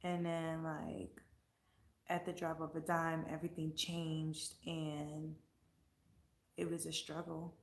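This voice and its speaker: A woman's voice: sits low, completely flat delivery, takes it slowly, gravelly, long pauses, echoey room. A woman vlogger chatting casually and answering comments, blunt and profane, getting heated as she talks.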